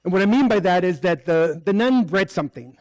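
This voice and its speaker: Speaking fairly quickly in a high, animated voice, a spiritual speaker shares personal stories in a candid sermon at a spiritual center. He keeps it conversational and acts out the dialogue. The audio is studio quality with no echo.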